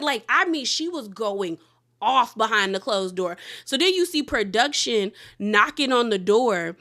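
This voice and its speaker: A woman's voice: a little high, expressive, a little slow, a bit bright. Chatty, blunt woman recapping TV gossip. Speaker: reality TV recap host. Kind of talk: casual recap commentary.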